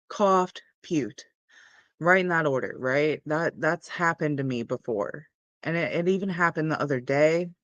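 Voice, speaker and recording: Talking at length to viewers, a young adult streamer who hosts cannabis livestreams keeps things relaxed, loose, and meandering. The mid-range voice has a fairly bright tone and is picked up close on a dry microphone without any room echo.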